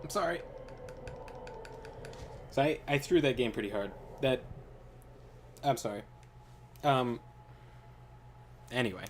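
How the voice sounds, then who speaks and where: Animated rambling young man streamer. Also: mid-range voice, slow, pauses often, a little hiss or hum. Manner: rambling, animated, lots of fillers and quoted voices. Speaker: gaming streamer. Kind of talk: casual storytelling while playing.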